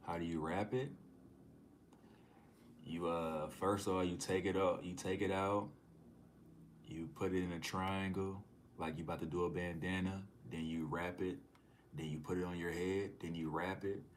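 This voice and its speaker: A man's voice: deep voice, little pitch movement, normal speed, slight background noise. A man livestreaming, casually chatting with viewers and reading their comments aloud in a laid-back, slangy way. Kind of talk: casual live-stream chat.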